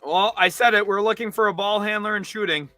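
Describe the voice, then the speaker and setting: A young man rants in exasperation on a live sports stream, his voice pitched high and bright with a tense edge. He jumps from loud outbursts to low mutters. The sound is dry and close, with faint music underneath. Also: fairly quick, no room sound. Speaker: sports livestream host. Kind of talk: live reaction commentary.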